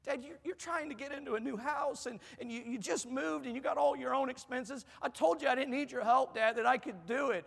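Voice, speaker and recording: A man voicing his young adult daughter, tearful and proud, in high-pitched pleading tones that break into near-whispers. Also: a little fast, a bit bright. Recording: long hall reverb.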